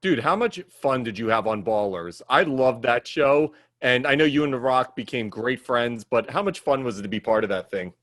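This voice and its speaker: A man's voice: mid-range voice, expressive, normal speed, hardly any pauses, a bit bright. A man hosting a casual interview, talking in an eager, laid-back bro style. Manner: enthusiastic, casual bro talk. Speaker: interview host. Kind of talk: casual chat.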